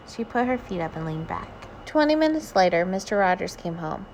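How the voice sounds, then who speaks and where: A woman reading a children's picture book aloud, with gentle storytelling. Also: fairly low pitch, very animated, fairly quick, few pauses, slight background noise. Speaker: reader.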